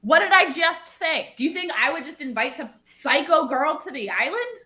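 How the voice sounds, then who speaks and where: A woman's voice: sits high, sing-song, normal speed, pushed and bright, full character voice. Woman playing a flustered, rambling bride. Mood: exasperated. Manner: rambling, flustered, full of fillers. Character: anxious bride planning an island wedding. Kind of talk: live improv comedy.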